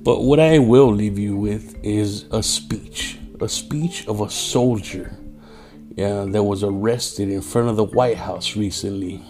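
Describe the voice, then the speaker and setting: A man's voice: on the low side, takes it slowly, music in the background. A tired man hosting a casual solo podcast, profane and streetwise, saying "yo" a lot. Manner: profane, streetwise, says "yo" often; mimics angry drivers in raised voice. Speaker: podcast host.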